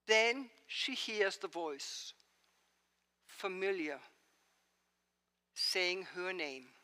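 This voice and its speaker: A woman's voice: medium pitch, animated, drawn-out words, pauses often, bright, forceful tone. A woman pastor giving a sermon, preaching expressively and asking rhetorical questions. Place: church sanctuary. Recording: long church reverb.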